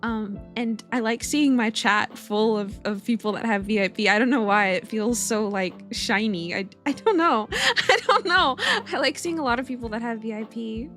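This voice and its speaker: High-voiced young woman chatting on stream. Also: normal speed, hardly any pauses, fairly bright tone, soft background music. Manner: rambling and giggly, greeting chat by name. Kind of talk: casual live-stream chat.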